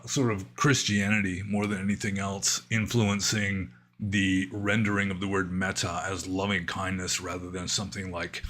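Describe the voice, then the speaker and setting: A man answering viewer questions on a livestream, thinking aloud in a casual, rambling way with pauses and asides. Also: low-pitched, a bit bright. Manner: musing, thinking aloud with fillers and trailing asides. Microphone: livestream microphone.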